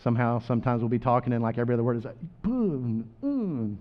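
A man preaching a sermon, rising loud on scripture and dropping quiet for asides. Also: medium pitch, completely flat delivery, rapid-fire, muffled recording.

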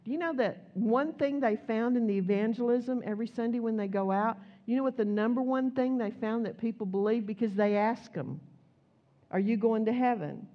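Animated woman preacher, lo-fi sound. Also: on the high side, brisk, few pauses. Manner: conversational, animated storytelling with acted quotes. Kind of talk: sermon.

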